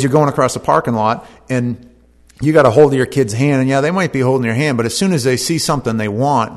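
A man's voice: lowish voice, vocal fry. A man preaching a conversational sermon in a church, reading scripture aloud and then explaining it in plain talk.

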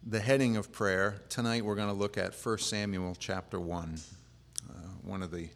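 A man preaching as a pastor, speaking in a relaxed, plain-spoken way that wanders with fillers and restarts. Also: lowish voice, normal speed, gravelly. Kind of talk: casual conversational sermon. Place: church. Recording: long reverb of a church hall.

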